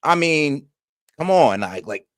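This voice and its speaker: A man's voice: on the high side, big pitch swings, takes it slowly, no room sound, studio quality. A man hosting a stream, reacting to news clips in blunt, slangy, casual talk aimed straight at his viewers.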